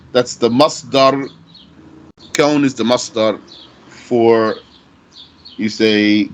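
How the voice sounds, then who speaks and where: A man teaching Arabic grammar, explaining deliberately and asking himself rhetorical questions. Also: mid-range voice. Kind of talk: recorded grammar lesson.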